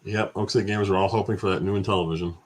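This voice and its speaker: Easygoing lower-voiced male co-host. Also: fairly even intonation, very fast. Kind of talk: casual stream chat.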